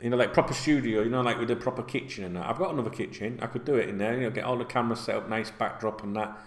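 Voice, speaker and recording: A man's voice: mid-range voice, very fast. A middle-aged man, rambling casually in a sweary, filler-heavy way while seated at home. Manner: chatty, sweary, with many fillers. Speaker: football vlogger. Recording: roomy echo.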